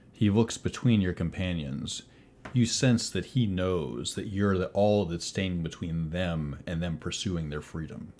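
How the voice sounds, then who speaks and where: A man running a tabletop game as game master, narrating in a measured, descriptive way. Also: deep voice, darkish tone, slight background noise.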